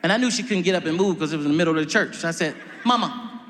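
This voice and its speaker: A male stand-up comedian telling stories in an animated way, acting out quotes and jumping into a high voice. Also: racing, slight background noise. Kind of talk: stand-up storytelling.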